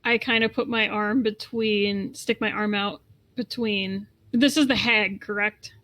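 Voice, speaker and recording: Casual woman player, unsure and halting, thinking aloud. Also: mid-range voice, steady tone, fairly bright tone. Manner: hesitant, stops and restarts. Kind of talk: casual tabletop play.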